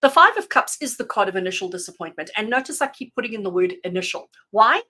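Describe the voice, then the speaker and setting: A woman giving tarot readings on a live stream, chatty and animated, addressing viewers by name and laughing often. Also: medium pitch, quick pace, rough recording. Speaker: tarot reader.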